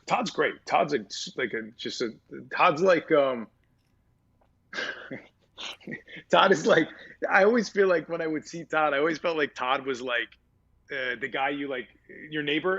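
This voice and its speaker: A man's voice: fairly high pitch, unhurried, pauses often, a bit bright, muffled recording. A man in a casual interview, talking in a laid-back, rambling way and laughing often. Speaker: voice actor guest.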